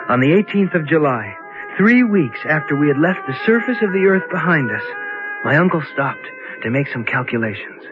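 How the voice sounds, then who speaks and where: A man's voice: on the high side, natural voice. An actor playing a young man lost in a cave, narrating his ordeal earnestly in an old radio drama. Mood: reflective. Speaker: narrator and hero. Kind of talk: 1950s radio drama acting. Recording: dull lo-fi old radio recording.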